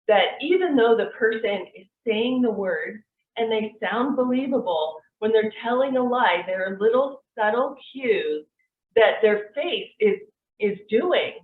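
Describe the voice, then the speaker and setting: A woman gives a relaxed, conversational lesson, explaining ideas with frequent fillers. Her voice sits at an ordinary middle pitch for a woman. It comes through thin and tinny, like a phone line, from some distance in an echoey room. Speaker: NLP course instructor. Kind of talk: online course lecture.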